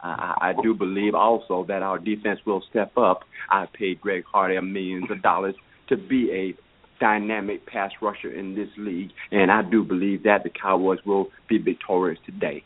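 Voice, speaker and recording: A man's voice: deep voice, little pitch movement, normal speed. A man impersonating a boastful old team owner. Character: older male football team owner, boastful. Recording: phone-like lo-fi line with hiss.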